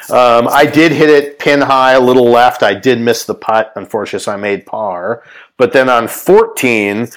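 A man's voice: medium pitch, clean tone, rough recording. A man guest on a podcast, telling a story casually with many fillers and quoted lines. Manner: chatty, lots of ums and quoted dialogue. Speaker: podcast guest, sportswear executive.

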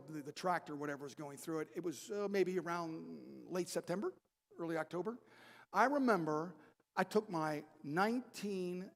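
An older man preaching a sermon, telling a personal story with quiet asides and loud emphatic peaks. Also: a little high. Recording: long reverb of a large hall.

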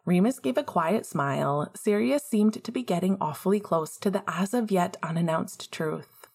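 Woman reading a story, low and breathy. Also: normal speed, a little mellow. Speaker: reader. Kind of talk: reading fan fiction aloud.

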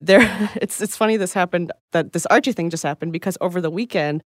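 A woman's voice: fairly low pitch, brisk, no echo, studio quality. Emphatic woman telling stories. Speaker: podcast co-host. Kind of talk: casual chat.

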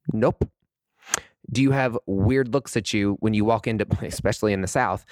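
A man's voice: mid-range voice, no room sound. A young man hosting a podcast, delivering a heated, emphatic, sassy monologue full of swearing. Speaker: podcast host. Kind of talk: impassioned unscripted monologue.

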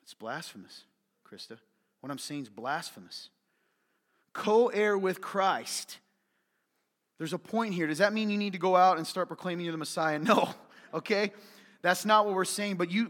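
A man delivers a sermon in a church hall, his voice sitting a little high. He jokes with the congregation and keeps asking them questions. A long reverb trails every phrase. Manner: animated, joking with the congregation, asks questions. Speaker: pastor.

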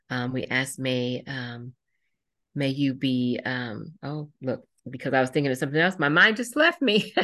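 A middle-aged woman, a podcast guest, telling lively, rambling stories in casual talk with many fillers. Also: extremely low pitch.

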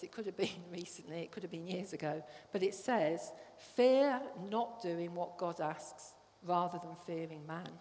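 A woman giving a conversational sermon to a congregation, often checking that they follow. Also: lowish voice. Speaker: church speaker. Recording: long hall reverb.

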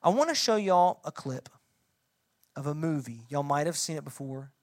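Lively young woman youth pastor preaching. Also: sits low, normal speed, no room sound. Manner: animated, conversational, asks the audience questions. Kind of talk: sermon to middle schoolers.

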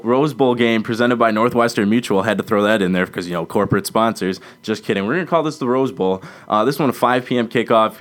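A young man hosting a casual sports podcast, teasing his co-host and laughing often as he runs through game picks. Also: fairly low pitch.

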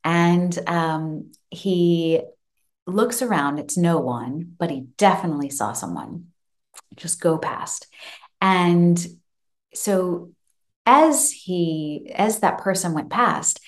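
Woman host, 30s, lower pitch, casual animated storyteller. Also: slow pace. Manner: animated, acts out the child's voice with laughs. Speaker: podcast host. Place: home office room.

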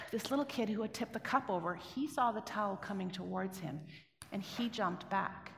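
A woman's voice: medium pitch, a little hiss or hum. A middle-aged woman from Canada telling a personal story to an audience in a conversational way, often asking them questions. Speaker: speaker giving a talk. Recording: echoey hall with long reverb.

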